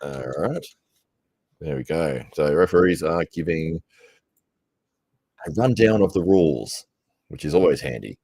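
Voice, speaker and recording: Deep-voiced man chatting on a live stream. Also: animated, unhurried, pauses often, dark tone, slightly rough, no room sound. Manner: chatty, laughs often, rambles between tasks. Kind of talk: casual live-stream commentary.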